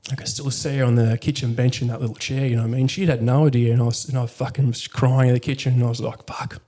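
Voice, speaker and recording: Male veteran, podcast guest; dark, mellow voice; candid, profane and conversational. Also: mid-range voice, level tone, quick pace. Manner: blunt, heavy swearing, frequent fillers.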